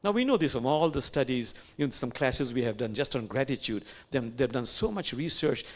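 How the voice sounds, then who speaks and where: A man, an imam, giving a reflective sermon, slow and unhurried with pauses and soft, whispered asides. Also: medium pitch, expressive.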